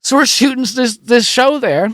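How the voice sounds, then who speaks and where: A man guesting on a podcast as a film producer, telling stories in an animated, casual way and swearing freely. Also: very high voice, moderate pace, dry recording. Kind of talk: casual storytelling chat.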